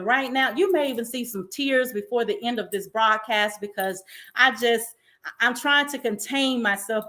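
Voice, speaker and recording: This is a woman's inspirational monologue from a talk show, in a voice that's a little high with a fairly bright tone. As host, she pours out emotion and faith, effusively lifting up the people watching.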